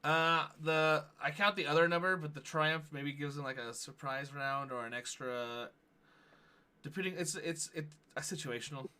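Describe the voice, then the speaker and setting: A man in his thirties hosts a tabletop role-playing stream. His voice is bright and sits a little high, and he talks in a loose, meandering way, full of fillers. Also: normal speed, clean tone. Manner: loose and rambling, with frequent fillers and laughs. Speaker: player and show host. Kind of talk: casual chat introducing a tabletop game stream.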